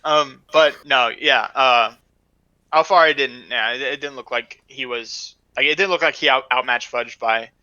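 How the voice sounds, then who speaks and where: A man's voice: medium pitch, unhurried, bright, forceful tone, dry recording, highs cut off. A man co-hosting a casual esports podcast, weighing in hesitantly with many fillers and often trailing off. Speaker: podcast co-host. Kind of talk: casual esports analysis chat.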